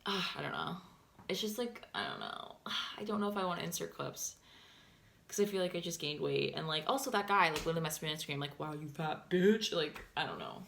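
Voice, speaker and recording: A young woman tells a story to camera in a loose, rambling chat, piling on fillers and the odd swear word. Her voice sits a touch lower than most women's. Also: sing-song, quick pace, vocal fry, sharp tone, a little hiss or hum. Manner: chatty, filler-heavy with constant "like", swears and laughs. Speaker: vlogger.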